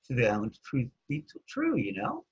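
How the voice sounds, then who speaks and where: A man with a husky voice casually telling his recovery story, rambling and looping back with "anyways", on a dull lo-fi recording. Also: medium pitch, wildly swooping pitch, brisk. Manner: rambling, keeps saying anyways.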